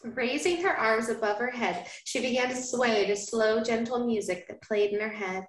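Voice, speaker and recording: A woman hosting a podcast, reading a romance novel aloud in a hushed, dramatic cadence. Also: on the high side, normal speed, a little hiss or hum. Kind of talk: dramatic reading with joking asides. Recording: roomy, echoey room.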